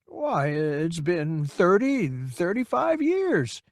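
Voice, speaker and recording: A man's voice: high voice, very animated, no echo, voice pushed up, exaggerated voice. A man doing a quavering, confused old man. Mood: wavering, confused. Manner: quavering, hesitant, slow. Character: confused frail old man, wavering and kindly.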